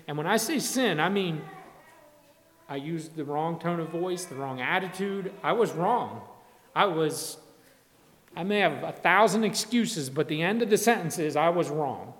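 A man preaching a sermon in a conversational way, often restarting and acting out quotes. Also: fairly high pitch. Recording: long hall reverb.

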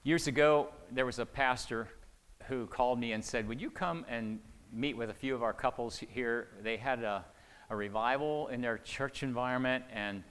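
A man preaching a sermon, telling a story, swinging between hushed asides and loud, emphatic lines. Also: medium pitch, normal speed, smooth. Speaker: pastor. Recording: long reverb of a large hall.

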